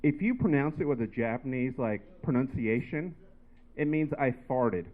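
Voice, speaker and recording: A man's voice: medium pitch, lively intonation, normal speed. A man performing a stand-up set in a comedy bar, telling a rambling story full of filler words. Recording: tinny phone-like live recording.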